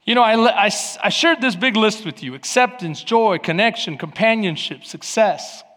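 Pastor guy preaching, pretty high voice, lots of long hall echo, does little voices for his stories. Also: moderate pace. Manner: lively storytelling preacher, acting out quoted voices. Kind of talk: sermon.

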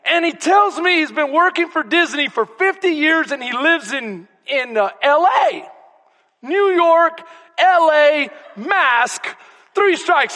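A Texan male pastor telling a story in his sermon, animated and conversational, swinging between loud bursts and hushed asides. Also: extremely high pitch, unhurried. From Texas. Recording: long reverb of a church hall.

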